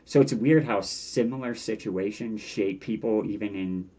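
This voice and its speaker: Low-voiced man in casual talk. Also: moderate pace, slightly rough. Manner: animated, self-interrupting, quotes his past self. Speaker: podcast guest. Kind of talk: casual interview chat.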